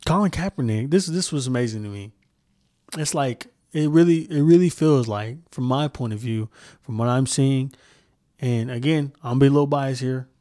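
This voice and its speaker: This man's warm, medium-pitched voice moves at a moderate pace as he hosts a solo podcast. He rants in a heated, profane way, repeats himself and keeps restarting sentences while searching for words. The audio is studio quality with no room sound.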